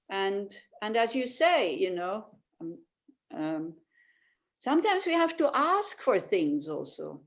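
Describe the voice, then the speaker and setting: Over a video call with a rough recording, a woman teaches an online meditation class. Her medium-pitched voice carries warm storytelling, sprinkled with many "you know" fillers.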